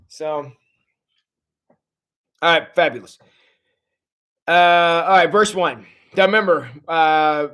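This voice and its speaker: A pastor leads a casual Bible study on a livestream, his voice a little high. Chatty and animated, he reacts to viewers' comments as he tells the story.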